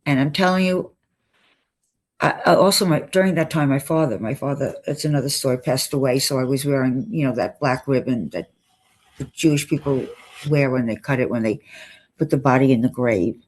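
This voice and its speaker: A woman's voice: extremely low pitch, fairly quick, darkish tone. An older woman, an interview guest, telling stories animatedly and acting out the dialogue with frequent restarts. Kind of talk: storytelling in conversation.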